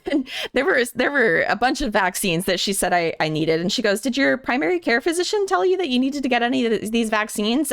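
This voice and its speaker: A woman's voice: medium pitch, dry recording, clean studio sound. Chatty woman streamer telling a story. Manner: animated, restarts and repeats words, acts out quotes.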